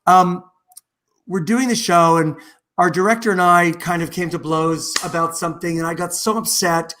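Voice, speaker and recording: The man has a high-pitched voice and talks at normal speed. He's a middle-aged musical theatre actor being interviewed on a video call, spinning animated, rambling anecdotes with many restarts.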